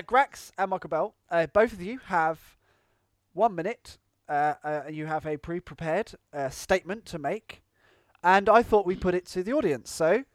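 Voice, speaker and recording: A man hosting a podcast in casual banter, animated and announcer-like, often laughing. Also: high voice, dry recording, clean studio sound. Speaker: podcast host.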